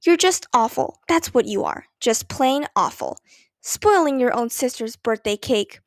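A woman voicing an upset young girl, an earnest older sister who is quick to get indignant. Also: high-pitched, animated, gravelly, no room sound, clean studio sound, pitched above the performer's own voice. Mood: angry.

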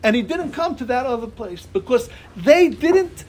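A man's voice: very high voice, sing-song, normal speed, darkish tone. A man giving a Torah class, talking animatedly and asking his listeners rhetorical questions. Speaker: Torah teacher.

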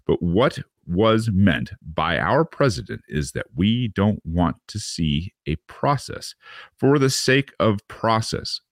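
A man's voice: deep voice, dry recording, clean studio sound. A man reading a news article aloud and adding sardonic asides, with repeated words and fillers. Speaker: podcast host reading and commenting on a news article. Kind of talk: casual commentary with read-aloud passages.

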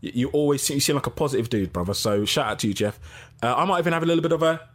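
Guy running a live stream, chatty, pitch jumps all over, laughs a lot. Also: lively intonation, very fast. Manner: chatty, gives shout-outs, laughs easily. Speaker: podcast host reading live chat. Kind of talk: casual live-stream chat.

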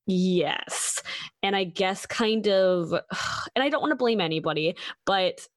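A young woman streamer telling a story in casual conversation, animated, acting out what people said with lots of "like". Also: mid-range voice, slow, no echo. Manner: animated storytelling, acting out quoted exchanges, many likes. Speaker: Twitch streamer.

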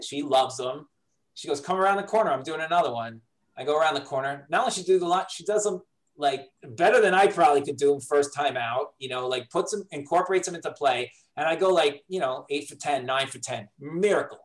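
A middle-aged man, a comedy writer telling a story casually in an interview, lively and acting out quoted lines. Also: fairly high pitch, poor audio. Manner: animated, acts out quoted dialogue.

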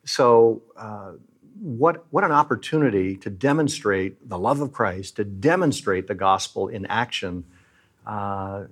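A man's voice: fairly low pitch, animated, a little slow, slightly rough. A middle-aged man who leads a Christian aid charity, speaking earnestly and like a preacher as he tells moving stories in an interview.

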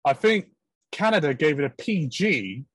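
A man's voice: on the high side, big pitch swings, normal speed, rough recording. A British man co-hosting a casual chat, rambling and joking, now and then slipping into mock accents. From Britain. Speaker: podcast co-host.

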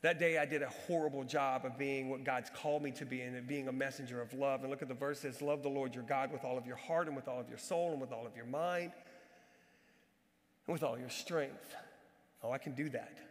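A man preaching a sermon with storytelling, animated, swinging between loud outbursts and hushed, earnest moments. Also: medium pitch, a little fast. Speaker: pastor and basketball coach. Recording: long hall reverb.

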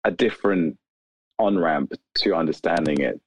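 A man, a video creator, talking casually in an interview with many "like" fillers and animated asides. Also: low-pitched, moderate pace, dry recording, poor audio. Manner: rambling, animated, lots of "like" fillers.

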